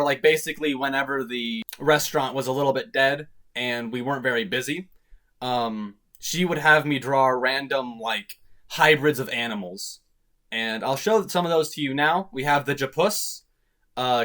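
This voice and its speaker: A man's voice: mid-range voice, a bit bright. A young man talking casually to camera in a rambling, self-deprecating vlog monologue. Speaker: YouTube vlogger.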